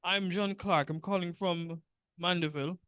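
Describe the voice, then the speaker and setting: A man's voice: high voice, fairly even intonation, normal speed, fairly bright tone, smooth, no echo. A man in his forties calling in to a show, upbeat and direct with his question. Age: 40s. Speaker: caller. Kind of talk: phone-in questions.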